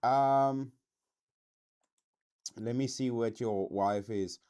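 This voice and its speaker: A man from South Africa with a South African accent, hosting a casual livestream reaction chat in a slangy, swearing, animated way. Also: mid-range voice, extremely slow, smooth. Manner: animated, slangy, says dude a lot, swears. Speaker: streamer host.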